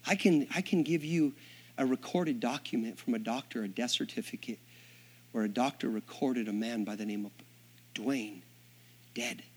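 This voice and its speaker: A man preaching, a minister telling a story with acted-out dialogue and big swings from hushed asides to shouting. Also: mid-range voice, normal speed, slightly rough. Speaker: Assembly of God minister. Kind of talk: storytelling sermon.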